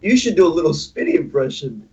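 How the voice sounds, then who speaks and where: A man's voice: a little high, very animated, quick pace, darkish tone, highs cut off. A man in his twenties chatting casually as a stream guest, laid-back and wry. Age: 20s. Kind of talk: casual chat.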